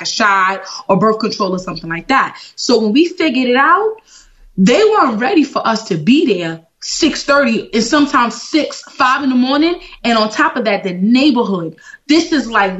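A woman tells her story as an interview guest, with an emphatic, preacher-like drive and a voice that climbs and drops freely. Her voice sits in a middle register. The audio is a little dull and muffled. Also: mid-range voice. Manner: emphatic, lively preacher-like delivery with big swings. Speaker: guest, activist.

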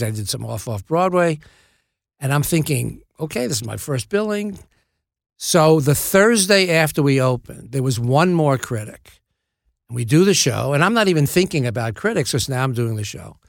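Older man telling stories in a gravelly voice. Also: fairly high pitch, no echo, studio quality. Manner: lively storyteller, halting restarts and asides. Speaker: actor guest. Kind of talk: anecdotal interview storytelling.

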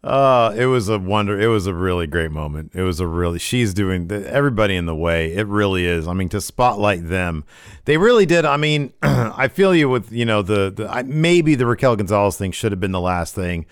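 A man's voice: fairly low pitch, animated, a little fast, clean tone, no echo, clean studio sound. A man co-hosting a casual livestream, chatting about wrestling with eager, rambling talk full of restarts. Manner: enthusiastic, rambling with restarts and frequent agreement sounds. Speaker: co-host.

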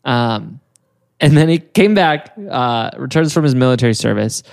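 Young male podcast co-host, gravelly voice, rambling casual storyteller. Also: mid-range voice, moderate pace, a little mellow. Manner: rambling, many fillers, giggles often.

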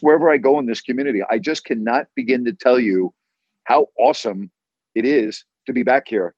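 Male call-in radio host, excitable storyteller, dull dry studio sound. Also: mid-range voice, no room sound. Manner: enthusiastic, rambling storyteller. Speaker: sports talk radio host. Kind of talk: casual call-in show talk.

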